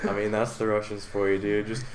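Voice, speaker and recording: A young man hosting a casual podcast, telling stories with a lot of laughter and sudden loud outbursts. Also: lowish voice, completely flat delivery, a little fast, a crowd in the background. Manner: laughing storyteller, bursts into loud voices. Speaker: podcast host. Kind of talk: casual group chat.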